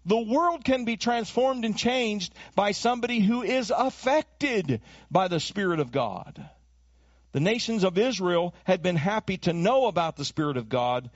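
A man preaching a sermon as pastor, animated, dropping into acted voices and to make his points. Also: sits high, dry recording. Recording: dull lo-fi dry recording.

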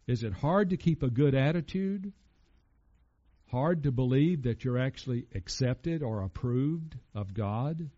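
A man's voice: mid-range voice, a little slow, warm tone, lo-fi sound. A man preaching a conversational sermon and asking his congregation questions. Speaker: pastor.

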